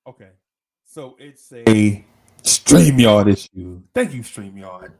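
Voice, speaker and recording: A man's voice: fairly low pitch, expressive, takes it slowly, darkish tone. A man hosting a live show, telling a slangy, rambling story with many restarts. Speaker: host. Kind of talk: casual storytelling chat.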